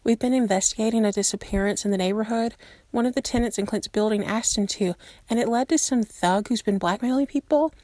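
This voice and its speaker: A woman's voice: fairly high pitch, a little fast, darkish tone, no echo, clean studio sound, voice pushed up, lightly acted. A woman voicing a brash, eager young woman hero who talks in an earnest, keyed-up rush. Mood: anxious.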